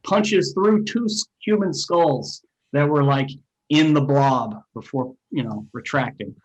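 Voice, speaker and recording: A man's voice: medium pitch, unhurried, poor audio. Laid-back man tallying dice rolls. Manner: relaxed, talks through dice math with fillers. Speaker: player. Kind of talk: casual tabletop play.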